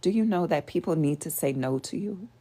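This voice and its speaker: Woman host teaching spiritual stuff to her live viewers, kinda low voice, earnest, keeps asking them questions. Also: expressive, a little fast, warm tone. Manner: earnest, asks the audience rhetorical questions.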